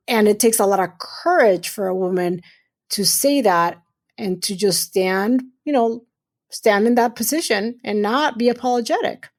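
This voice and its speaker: A woman's voice: mid-range voice, darkish tone. A middle-aged woman, a surgeon guest on a podcast, speaking earnestly and emphatically, often repeating phrases for weight. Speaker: guest urologist. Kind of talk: podcast interview.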